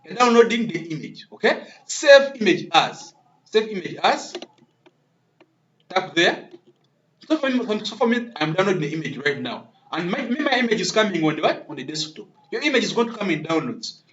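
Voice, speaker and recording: A man's voice: high voice, very animated, brisk, a bit bright. A man teaching web development live on screen, repeating words and checking in with "okay?" after nearly every step. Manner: repetitive, keeps asking "okay?". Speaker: coding instructor. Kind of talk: live-coding screen tutorial. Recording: dull lo-fi recording.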